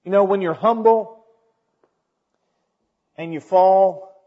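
A man's voice: high voice, slow pace. A middle-aged man preaching a sermon, earnest and emphatic, reading scripture aloud. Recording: dull lo-fi recording in a reverberant hall.

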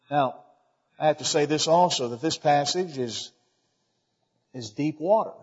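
A man preaching a sermon as a pastor, in a folksy way that climbs to loud, emphatic peaks. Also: a little high, expressive, takes it slowly, pauses often, husky. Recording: dull recording with long hall reverb.

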